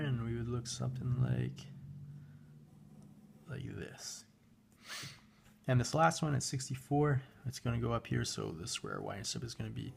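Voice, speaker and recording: A man's voice: medium pitch, vocal fry, breathy edge. A man teaching a recorded math lesson, talking while he works a graphing calculator and correcting himself as he goes. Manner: relaxed, talks while working a graphing calculator, with fillers and self-corrections.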